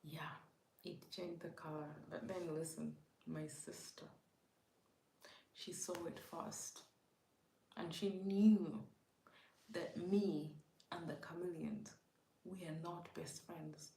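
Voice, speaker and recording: A woman's voice: lowish voice, fairly even intonation, slow pace, creaky, long pauses, mellow. A woman telling a story casually to her live chat, rambling and often half-whispering, with many filler words. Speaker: livestream host. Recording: echoey room with faint background noise.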